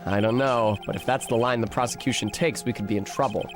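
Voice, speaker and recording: A streamer voicing an earnest young defense lawyer while reading game dialogue aloud, in a low and serious voice. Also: male voice, steady tone, quick pace, faint music behind, natural voice. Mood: worried.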